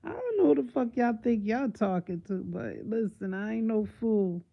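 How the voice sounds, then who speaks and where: A woman hosting her own live stream, reacting to what she reads with loud, teasing, disbelieving commentary full of slang. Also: fairly high pitch, big pitch swings, normal speed, gravelly, muffled recording. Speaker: livestream host.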